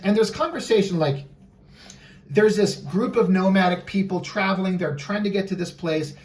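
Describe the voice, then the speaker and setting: Animated storytelling man. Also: high-pitched, normal speed, distant mic. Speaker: comic artist and writer. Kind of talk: casual podcast conversation.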